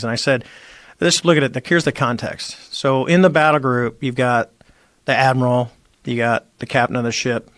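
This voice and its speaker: A man's voice: medium pitch, dry recording. A middle-aged man, a former Navy squadron commander, telling a story in casual conversation and acting out the quoted lines. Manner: animated storyteller, acts out quoted dialogue.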